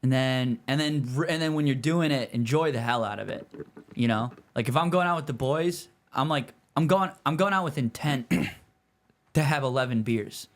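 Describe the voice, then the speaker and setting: A young man, a comedian guest on a podcast, chatting casually and acting out bar stories with lively voices. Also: normal speed. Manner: animated storytelling, acts out bar pickup scenes in a higher voice.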